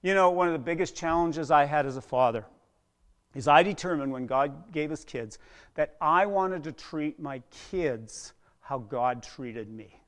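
A middle-aged man preaching a sermon as a pastor, earnest, dropping to a hush and then rising loud, often repeating words. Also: fairly high pitch, a little slow. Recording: long hall reverb.

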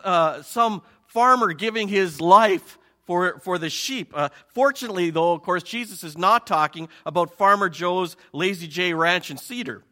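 A male pastor preaching a sermon in an animated way, acting out his listeners' reactions. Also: sits high, moderate pace, few pauses.

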